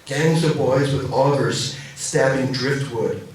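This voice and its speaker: A man reads his own poems to a cafe audience, his voice at a middling pitch. Between poems he stumbles through casual introductions, restarting and filling gaps with ums. He sits far from the microphone in a very roomy space, with faint room noise behind him. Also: takes it slowly. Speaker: poet reading his own work. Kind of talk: poetry reading with spoken introductions. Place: cafe reading venue. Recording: roomy echo from a distant mic.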